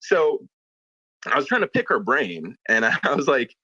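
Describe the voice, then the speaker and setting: A man, a tattoo artist, chatting casually and telling an animated story with quoted dialogue. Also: mid-range voice, measured pace, slightly rough, dry recording, muffled recording. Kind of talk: casual chat.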